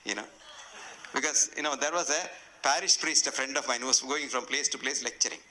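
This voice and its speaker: A man's voice: medium pitch, a little fast, pushed and bright. A man with an Indian English accent giving a public lecture, a humorous, self-deprecating storyteller in a hotel function hall. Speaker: guest lecturer.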